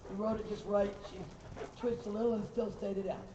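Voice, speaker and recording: Brisk and flat in delivery, this high-pitched male instructor runs a riding lesson, cheering the horses on and correcting the riders. There's background noise, and the far-off recorder in the arena makes the audio distant, echoey and dull.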